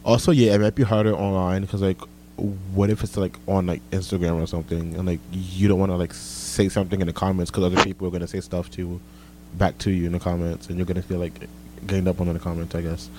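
A young man hosting a casual chat and reading listener comments aloud, relaxed and full of "like". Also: deep voice, fast talker, a little hiss or hum. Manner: relaxed, filler-heavy, says "like" often.

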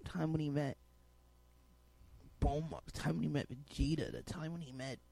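A man's voice: fairly high pitch, fairly even intonation, moderate pace, creaky, mellow, no echo. A young man co-hosting a radio show in a studio, chatting casually and rambling with lots of restarts. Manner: rambling, full of restarts and laughter. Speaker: radio co-host.

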